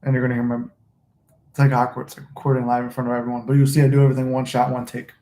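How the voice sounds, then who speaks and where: Male host, rambling casual livestream talk, flat and mellow, roomy phone sound. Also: medium pitch, racing. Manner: rambling, loose and profane. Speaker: manifesting channel host. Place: room at home, smoking a cigar. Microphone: phone recording. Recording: echoey room.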